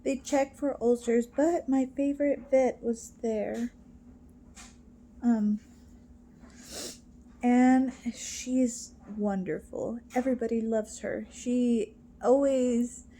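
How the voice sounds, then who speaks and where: A woman casually retells a joke, her words coming out slowly with plenty of "um"s and restarts. Her voice sits a little high. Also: steady tone, dark tone. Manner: halting, with many fillers and restarts. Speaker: storyteller.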